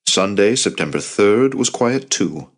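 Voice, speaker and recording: A man reading an audiobook in scripted narration, measured and grave. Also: lowish voice, lively intonation.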